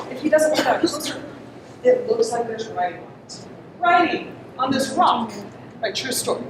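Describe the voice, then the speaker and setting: Woman presenter, chatty and interactive, distant mic in a very echoey, noisy hall. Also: on the high side. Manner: chatty, asks the audience questions, laughs often. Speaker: conference presenter. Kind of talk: interactive storytelling talk to an audience.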